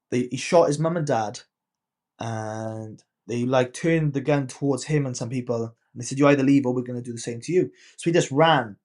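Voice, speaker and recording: A man in his thirties, a coach appearing as a podcast guest, casually relates a personal story and acts out the dialogue he quotes. His voice is mid-range with a darkish tone.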